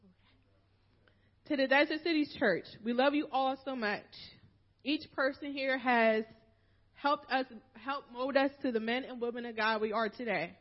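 A woman's voice: sits high, normal speed, highs cut off. A woman from Philadelphia reading a prepared farewell speech to her church, emotional and holding back tears. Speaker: minister's wife giving a farewell talk.

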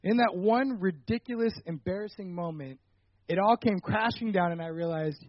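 Young man, high voice, animated testimony storyteller, dull dry recording. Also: normal speed, dry recording. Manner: animated storytelling, rising loud when retelling anger. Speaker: ministry leader telling a personal story. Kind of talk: personal testimony talk.

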